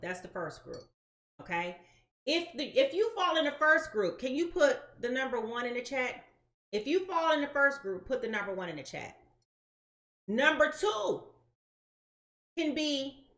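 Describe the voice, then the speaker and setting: Brief: woman tarot reader, higher voice, chatty and slangy, talks straight to her viewers, roomy echo. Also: big pitch swings, unhurried, pauses often, a bit bright. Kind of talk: casual live-stream tarot reading.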